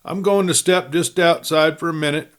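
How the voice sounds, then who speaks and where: A man voicing a calm male gunman in a western story, speaking in a cool, steady drawl. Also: a little high, normal speed, voice pushed up, lightly acted.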